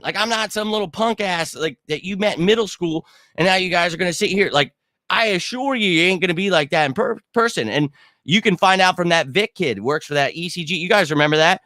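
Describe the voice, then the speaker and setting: Heated profane guy in his 30s going off at his viewers, kinda high voice. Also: animated, a little fast, bright, forceful tone, dry recording. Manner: brash, heated, profane, talks straight to viewers. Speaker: fan show host. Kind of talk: livestream rant.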